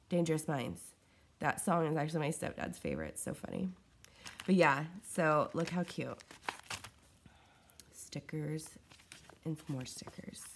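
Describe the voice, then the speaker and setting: Low-voiced woman gushing over fan mail. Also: darkish tone, a little hiss or hum. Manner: chatty and scattered, gushing over small items. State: unwell, coughing and short of breath. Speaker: craft vlogger opening fan mail. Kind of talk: casual unboxing chat. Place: at home in her living room.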